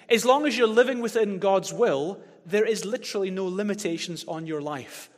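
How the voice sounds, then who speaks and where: Man, pastor, passionate sermon, emphatic, fairly high voice, long hall reverb. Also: animated, fairly quick. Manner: passionate, building to emphatic peaks, leads congregation in repeating verses.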